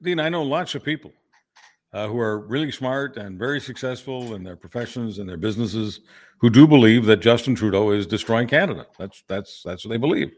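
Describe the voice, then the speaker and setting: A man's voice: mid-range voice, a little fast, a little mellow. A man co-hosting a political podcast, opinionated and emphatic, often restarting his sentences. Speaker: podcast co-host. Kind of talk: casual political chat.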